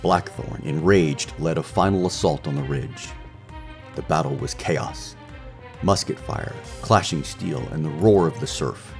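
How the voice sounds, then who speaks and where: A man narrating a scripted romance adventure story in a measured, dramatic way. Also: very deep voice, vocal fry. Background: faint music.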